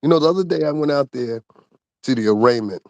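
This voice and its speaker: A man's voice: medium pitch, animated, fast talker, no room sound, highs cut off. A man giving a heated, profane, casual commentary rant with laughing asides. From Connecticut, USA. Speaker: commentary host.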